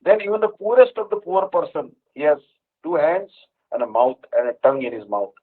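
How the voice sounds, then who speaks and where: A man's voice: fairly high pitch, big pitch swings, a little fast. A man giving a devotional sermon, explaining with homely examples and chanting mantras. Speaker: preacher. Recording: dull lo-fi sound.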